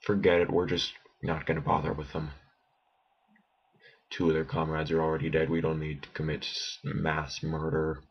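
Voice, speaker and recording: Low-voiced slow male gamer, muttering let's play commentary, dull lo-fi home mic. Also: level tone, slightly rough. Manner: muttering to himself, bursts of alarm at enemies. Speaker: gameplay commentator.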